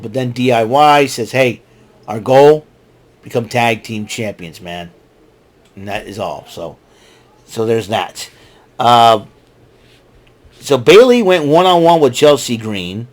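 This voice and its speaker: A man hosting a show, recapping events in a casual monologue into a microphone, rambling with many restarts and fillers. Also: medium pitch. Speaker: show host. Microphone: talking into a microphone.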